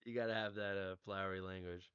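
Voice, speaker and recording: A man's voice: low-pitched, a bit bright, clear, resonant tone, dull audio. A man hosting a casual gaming livestream on a headset, laughing often and chatting with viewers. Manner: laid-back, laughs often, talks to chat. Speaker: livestream host.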